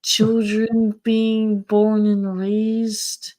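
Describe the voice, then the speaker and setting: Slow-talking woman, casual and sweary. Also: medium pitch, little pitch movement, dark tone. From partly Southern US. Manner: casual, swears a lot, trails off and restarts. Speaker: co-host reviewing an episode. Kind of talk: casual live-stream chat.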